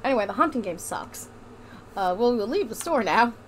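A woman's voice: on the high side, animated, fairly quick, a little hiss or hum. A young woman playing a game with a partner, joking, laughing often and slipping into a mock folksy drawl. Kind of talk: playful let's-play banter in a put-on accent.

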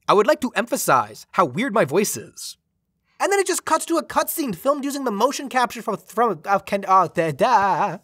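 Sarcastic man with lively pitch. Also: normal speed, breathy edge, no room sound. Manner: dry, sarcastic, self-deprecating. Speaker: video game reviewer. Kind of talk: scripted comedic game review narration.

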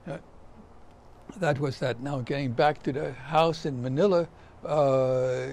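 A man's voice: medium pitch, creaky, a little mellow, a little hiss or hum. An older man giving a survivor testimony, recounting his memories as a vivid storyteller who acts out the voices of the people he quotes.

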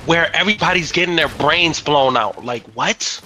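A man's voice: a little high, moderate pace, bright, forceful tone, slight background noise. A young man in casual game chat, incredulous and slangy, laughing and ribbing a teammate. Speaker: random teammate.

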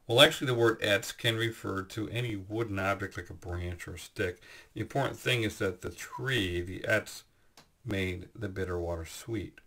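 A man giving a Bible teaching, explaining scripture in a measured way with frequent pauses and fillers. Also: lowish voice, bright, forceful tone.

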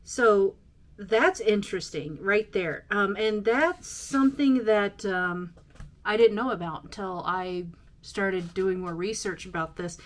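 A woman hosting a casual solo podcast, reading from her notes with many ums and uhs. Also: medium pitch. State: out of breath. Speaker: podcast host.

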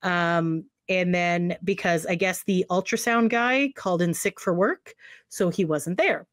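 A woman's voice: fairly low pitch, a little slow, no room sound, clean studio sound. A woman co-hosting a podcast, telling a long casual story that rambles, full of "like" and acted-out quotes. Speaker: podcast co-host.

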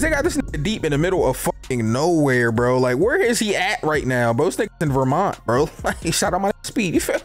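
Animated, profane young man. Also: sits high, a little fast, soft background music. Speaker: show recap host. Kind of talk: casual commentary.

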